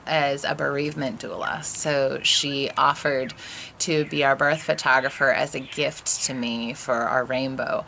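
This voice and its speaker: A woman's voice: low-pitched, gravelly, bright, forceful tone, a little hiss or hum. A woman in her thirties candidly telling the emotional story of a birth, casual and full of fillers. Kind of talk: personal storytelling.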